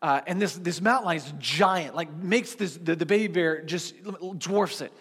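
The big-room recording captures a male pastor's husky, fairly high voice at a moderate pace as he preaches to a seated congregation. His sermon is conversational and animated, told as stories with frequent restarts.

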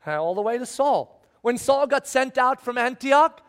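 A man preaching a sermon, acting out Bible voices and swinging from loud pleas to hushed, near-whispered lines. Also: very high voice, expressive, normal speed. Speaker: pastor.

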